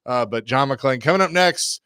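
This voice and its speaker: A man hosting a sports talk radio show, easygoing with callers and quick to laugh. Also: medium pitch, lively intonation, fairly bright tone, clean tone, no echo. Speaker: radio host. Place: radio studio. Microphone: studio mic.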